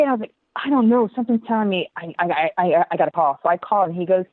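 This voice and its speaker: A woman dancer telling a story in an interview, animated, acting out the voices she quotes and laughing often. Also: on the low side, racing, dry recording. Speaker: guest dancer. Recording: tinny phone-like line, dry.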